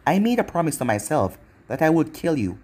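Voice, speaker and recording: A brooding young ninja hero, cold and menacing, as a man reads him out. The voice is a little husky and rises and falls a lot. It is a plain storybook reading rather than a full character voice. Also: on the high side, very animated, a little fast, darkish tone. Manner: cold, threatening.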